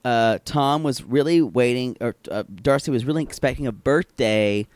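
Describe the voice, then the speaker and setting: A man's voice: mid-range voice, no room sound. Snarky podcast co-host man, dry sound. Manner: snarky, joking, quick to laugh. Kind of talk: casual recap chat.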